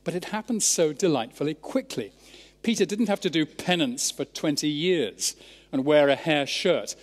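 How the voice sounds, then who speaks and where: A Scottish man preaching a sermon, expounding scripture in a measured, emphatic way. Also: a little high, lively intonation. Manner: measured, emphatic Bible exposition. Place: large church. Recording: church sermon with long reverb.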